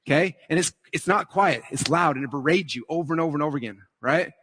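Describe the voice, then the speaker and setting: A man giving an energetic motivational talk to a live audience, often checking in with the crowd with "okay?" and "right?". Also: on the high side, fast talker, slightly rough, no room sound. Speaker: seminar speaker.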